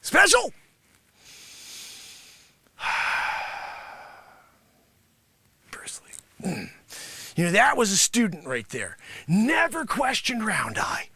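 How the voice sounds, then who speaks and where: A man playing a boastful, money-grubbing karate sensei who scolds his class and breaks into shouts. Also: sits high, wildly swooping pitch, moderate pace, creaky, slightly rough, dry recording, exaggerated voice. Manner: bragging, scolding, swings into shouts. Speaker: livestream host. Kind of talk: improvised comedy character bit.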